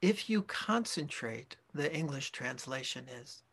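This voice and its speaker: Slow, husky-voiced man giving a dharma talk. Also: mid-range voice, expressive, a bit bright. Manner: slow, reflective, with pauses and self-corrections. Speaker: Zen teacher.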